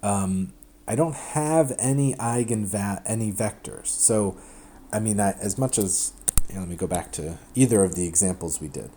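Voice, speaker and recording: At a normal speed, a man with a warm, mellow, lower-pitched voice explains math in a lecture, chatty and animated, often breaking off and restarting mid-sentence. Faint hiss runs beneath the recording.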